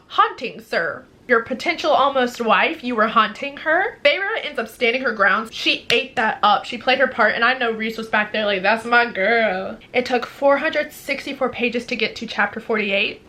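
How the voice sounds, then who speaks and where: Young woman, book vlogger; bright, slightly high voice, gushes quickly. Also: animated. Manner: gushing, quick, with many fillers. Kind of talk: casual chat.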